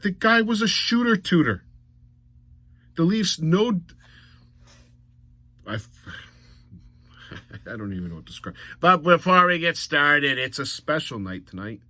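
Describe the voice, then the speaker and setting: A man's voice: a little high, sing-song, unhurried, long pauses, bright, forceful tone, no echo. A man recapping a hockey game in a blunt, mocking monologue that rises to exasperated outbursts. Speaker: hockey commentator.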